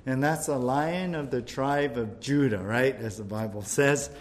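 A male pastor with a mid-range voice and an unhurried delivery leads a verse-by-verse Bible study in a church. His preaching is lively and conversational, and he tells jokes.

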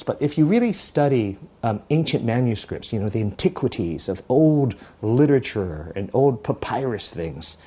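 A man's voice: fairly high pitch, warm tone. A male pastor delivering a sermon, retelling stories dramatically, with frequent restarts.

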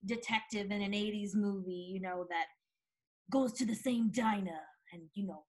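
A woman's voice: medium pitch, moderate pace. Chatty woman recapping a TV episode. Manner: chatty, animated, lots of fillers. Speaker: podcast co-host. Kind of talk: casual TV recap chat.

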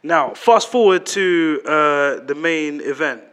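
A man's voice: on the high side, takes it slowly, a bit bright. A young man with a London accent telling a rambling story to friends in casual, slangy talk full of swearing. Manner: slangy, swears freely, loose rambling delivery.

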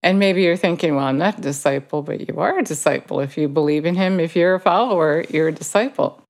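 A woman with a notably low voice gives an informal sermon. She talks in a conversational way, stopping to correct herself mid-verse. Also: a little fast, darkish tone. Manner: conversational, self-correcting while quoting scripture. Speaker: Bible teacher.

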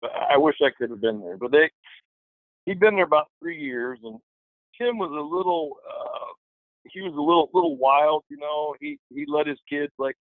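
A man telling a lively anecdote in a casual way, acting out the voices of the people in it. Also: on the high side, normal speed, no room sound. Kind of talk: casual storytelling. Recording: dry, phone-like line.

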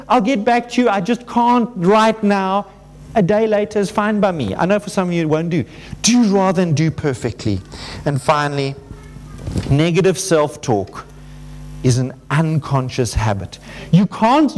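High-voiced, animated male pastor preaching. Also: slight background noise. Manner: animated, acts out quoted inner voices; conversational, with frequent restarts. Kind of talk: sermon to a congregation.

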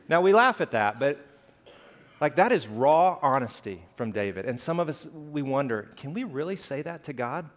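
A man's voice: on the high side, very animated, moderate pace. A man preaching a sermon in a church, talking casually and rising into impassioned outbursts. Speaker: pastor. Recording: hall reverb.

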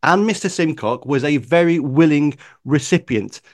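A man's voice: a little high, lively intonation, moderate pace, no echo. Northern english guy chatting on a podcast, lots of uhs, dead dry mic. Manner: chatty, many ums and uhs. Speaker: racing journalist guest. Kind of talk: casual interview chat.

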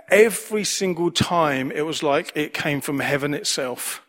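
A man's voice: fairly high pitch, unhurried, hardly any pauses, fairly bright tone. A man preaching a sermon as pastor, earnest, repeating key phrases for emphasis.

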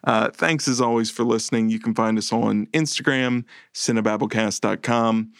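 A man's voice: on the low side, fairly even intonation, normal speed, no room sound, clean studio sound. A man co-hosting a movie podcast, chatting casually in a laid-back, rambling, self-deprecating way. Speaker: podcast co-host.

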